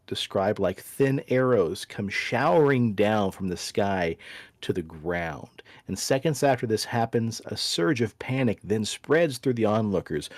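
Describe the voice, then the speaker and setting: A man co-hosting a podcast, reading an account aloud in a steady, measured way. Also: fairly low pitch, no room sound, clean studio sound. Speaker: podcast co-host.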